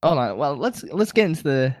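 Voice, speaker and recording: A man co-hosting a podcast in relaxed, loose chat. His pitch moves a lot as he talks, and he laughs often. The mic sits close and the sound is dry, with no room echo. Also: fairly quick. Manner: laughs often, animated delivery. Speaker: podcast co-host. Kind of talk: casual chat.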